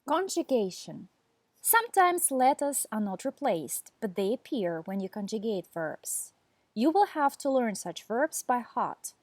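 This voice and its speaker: A woman reading a scripted beginner language lesson, enunciating each word slowly and deliberately for learners. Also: fairly high pitch, sing-song, darkish tone, no room sound. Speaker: language teacher.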